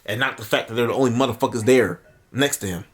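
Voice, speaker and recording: A man telling a story in an animated commentary video, swearing casually, acting out what people said and laughing often. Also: medium pitch, fast. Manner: lively, swears casually, acts out quotes.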